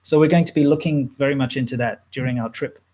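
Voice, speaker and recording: A man in his thirties hosting a casual question-and-answer chat, relaxed and rambling, with plenty of fillers and restarts. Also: mid-range voice, fast. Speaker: channel host answering viewer questions.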